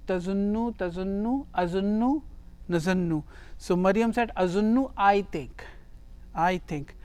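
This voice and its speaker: Slow, deliberate grammar teacher. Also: mid-range voice, darkish tone, smooth, no echo. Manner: reads a phrase, then translates and explains it step by step; repeats words and phrases for emphasis. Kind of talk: Arabic grammar lesson.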